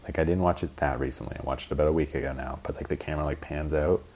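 A man's voice: extremely low pitch, fairly even intonation, racing, a little mellow, breathy edge. A young man hosting a solo podcast, rambling casually with lots of fillers, swearing, and acting out scenes as he retells them. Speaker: podcast host. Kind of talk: casual rambling film chat.

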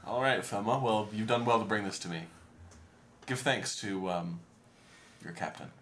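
A man's voice: on the low side, normal speed, a bit bright, a little hiss or hum, lightly acted. A man voicing a casual, friendly male lord who talks in a laid-back, chummy way.

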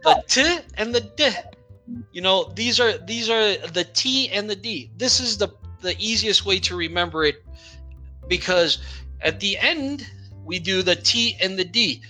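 A man teaching English pronunciation, slowly repeating example words and asking "right?" to check understanding. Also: sits high, animated, sharp tone, soft background music. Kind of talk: explaining pronunciation.

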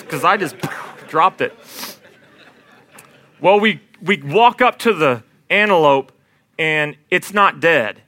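A young man telling a comic story in an animated, self-deprecating way, often laughing through his own lines. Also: fairly high pitch, slow pace, pauses often.

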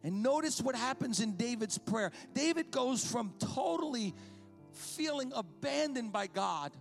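A man's voice: extremely high pitch, expressive, measured pace, vocal fry, faint music behind. A man preaching a sermon with passion, repeating his phrases for emphasis. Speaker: pastor.

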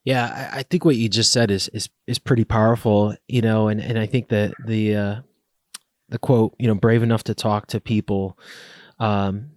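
Man, podcast host, interview, rambling, low voice, dry recording. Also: little pitch movement, moderate pace, no echo. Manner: rambling, many fillers and restarts. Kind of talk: interview conversation.

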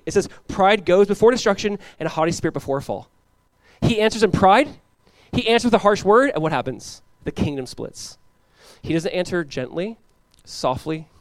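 This pastor's high voice, recorded dry, carries an expository sermon full of energy. He slips into quick voices to act out the biblical characters he's discussing.

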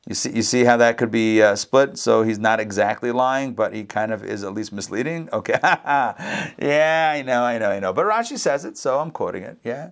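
A man teaching a scripture lesson to a class, acting out the characters' lines with sudden jumps up in pitch and making chatty asides to his listeners. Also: animated, normal speed. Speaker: rabbi teaching Torah class.

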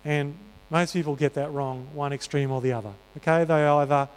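Earnest preacher in a ringing hall. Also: male voice, a little high, fairly even intonation, moderate pace, clean tone. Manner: earnest, conversational, many fillers. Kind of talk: sermon. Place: church hall. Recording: reverberant church hall.

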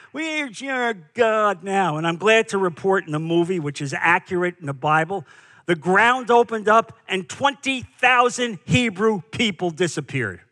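A man's voice: fairly high pitch, bright, forceful tone. A man preaching a sermon as pastor, emphatic, with rhetorical questions and repeated phrases.

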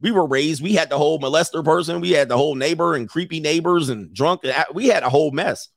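A man's voice: on the high side, fast, vocal fry, no room sound, studio quality. A middle-aged man giving casual, profane commentary while reading an article aloud, laughing often and slipping into mocking impressions. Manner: blunt, profane, with frequent laughter; animated, swings into mocking impressions.

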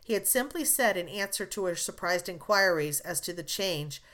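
A woman's voice: on the low side, lively intonation, moderate pace, fairly bright tone. Woman narrating a classic novel. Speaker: audiobook narrator.

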